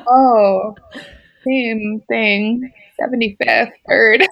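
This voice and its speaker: In a casual interview, a woman who used to swim competitively recounts a personal story, laughing frequently and saying "like" and "you know" a lot. Her medium-pitched voice has a fairly bright tone and a moderate pace.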